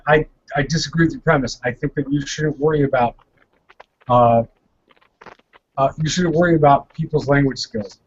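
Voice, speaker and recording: Animated male co-host with Indian accent. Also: a little high. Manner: animated, opinionated, joking. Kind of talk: podcast interview chat. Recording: dull lo-fi audio with faint noise.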